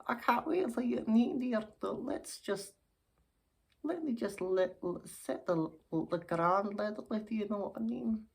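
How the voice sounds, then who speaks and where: A woman voicing a chatty, giddy Scottish woman puppet in her sixties, who speaks in a high, fluttery voice and calls everyone dear in a ventriloquist act. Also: unhurried, a little mellow, slightly rough. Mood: giddy, excited. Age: 60s.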